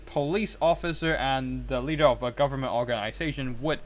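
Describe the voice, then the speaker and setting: A man's voice: medium pitch, fairly even intonation, fairly quick, hardly any pauses. A man casting a live strategy game tournament, chatting with viewers between play-by-play calls. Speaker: tournament caster and streamer.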